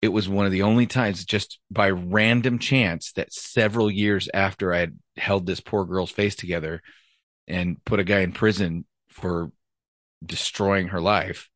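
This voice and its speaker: A man's voice: deep voice, fairly even intonation, unhurried, fairly bright tone, no room sound. A man, a former police officer, telling a story from his career in a blunt, profane, casual way. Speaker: retired police officer, podcast host.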